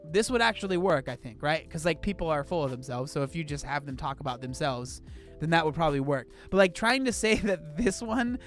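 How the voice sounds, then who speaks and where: Young man, somewhat high voice, casual disbelieving commentary, slang and fillers, faint music behind. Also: fairly quick, a bit bright. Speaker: host reacting to an article.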